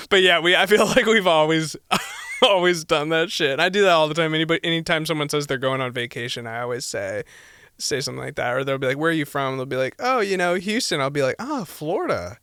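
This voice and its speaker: A man's voice: on the high side, steady tone, a little fast, bright, forceful tone, clean tone, no room sound, clean studio sound. A man co-hosting a podcast, chatting casually with his friend in laid-back banter. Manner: laid-back banter, says dude a lot. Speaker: podcast co-host. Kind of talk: casual chat.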